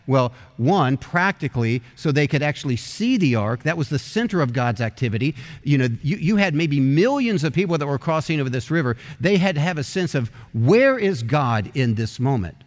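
Storytelling preacher in a reverberant sanctuary. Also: male voice, fairly high pitch, animated. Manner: storytelling preacher, shifting between quick asides and slow emphatic phrases. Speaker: pastor. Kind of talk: sermon.

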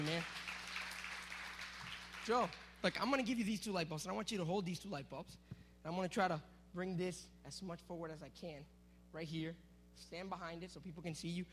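A man preaching to a youth group, energetic and teasing, calling out to the crowd. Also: sits high, slight background noise. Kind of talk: sermon with object lesson.

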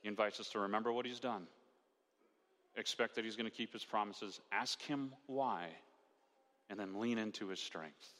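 Here the pastor's voice is lowish and fairly bright, at a moderate pace. He keeps the sermon conversational, tossing out rhetorical questions and dramatizing quotes, while a long hall reverb trails each phrase.

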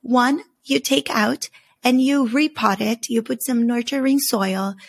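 Earnest woman with a gravelly, husky voice. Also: a little high. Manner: earnest, measured, slow deliberate emphasis. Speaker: podcast host teaching on story symbols. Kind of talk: reflective spoken teaching.

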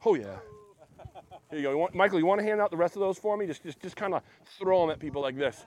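A man's voice: sits high, animated, fast. A man preaching a casual sermon in a church, chatty and joking with the congregation. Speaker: pastor.

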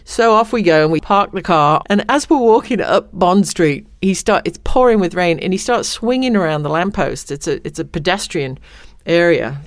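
A woman guest, telling a lively anecdote and acting out the voices of the people she quotes. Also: lowish voice, fairly quick, no room sound, studio quality. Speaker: interview guest. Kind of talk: storytelling anecdote.

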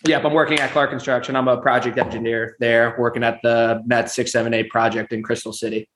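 A man's voice: medium pitch, level tone, a little fast, fairly bright tone, a little hiss or hum. A young man in his twenties, a guest in a casual interview, talking easily and laughing through his stories. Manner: easygoing, laughs while telling stories. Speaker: guest, amateur charity boxer. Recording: roomy echo.

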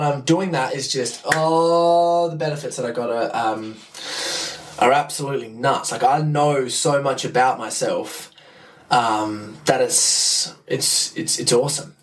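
An enthusiastic young man rambles through a casual podcast monologue, swearing freely and restarting his sentences. His voice sits a little high for a man and comes from slightly off the mic. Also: far from the mic. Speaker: podcast host.

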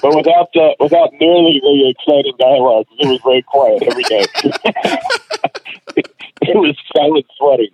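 A man's voice: medium pitch, moderate pace, pauses often. A man, a comedian and voice actor, telling stories in casual chat and laughing through his anecdotes. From Houston, Texas. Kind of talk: casual storytelling. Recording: tinny phone line, dry.

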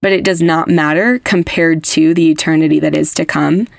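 A young adult woman hosts a casual podcast, talking with emphatic energy and plenty of filler words. Her voice sits a little low and has a gravelly fry to it. The recording is dry and close. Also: normal speed, no room sound. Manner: animated, emphatic, lots of "like" fillers. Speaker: podcast host. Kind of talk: casual faith podcast chat.

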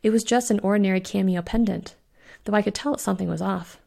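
A quick-witted young witch, easily startled and given to sarcasm, as a woman reading aloud puts her on. Her pitch climbs when she is alarmed. The voice has a rough, gravelly edge, and it is part of a spooky audiobook. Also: dark tone. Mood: sarcastic.

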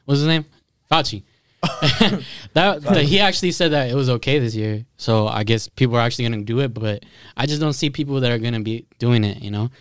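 A man's voice: mid-range voice, fairly quick, clear, resonant tone, no room sound. A young man in a casual podcast chat, teasing and joking with his friends. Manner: joking, laughs a lot, teasing.

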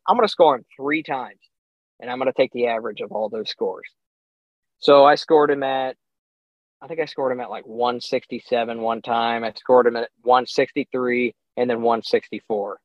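A young man, a podcast guest, telling a hunting story in a casual, animated way, acting out his own reactions and chuckling often. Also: mid-range voice, no room sound. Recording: slightly dull, dry sound.

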